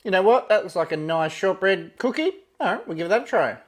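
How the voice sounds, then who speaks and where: A food reviewer, easygoing and animated, moves briskly through a taste test, his pitch rising and falling a lot. Between bites he thinks aloud casually, scattering fillers and "yeah, look" as he rates each item.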